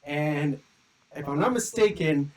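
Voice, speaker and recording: A man's voice: fairly high pitch, measured pace, rough recording. A young man casually telling a long story on a podcast, rambling with many "like" fillers and acting out quotes. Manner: rambling, lots of "like" fillers, lively re-enacted quotes. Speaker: podcast co-host.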